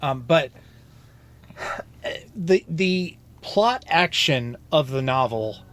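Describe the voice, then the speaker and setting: A man's voice: on the high side, lively intonation, drawn-out words, a bit bright. A man co-hosting a casual book club podcast, hesitant and repeating words as he talks. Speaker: podcast co-host.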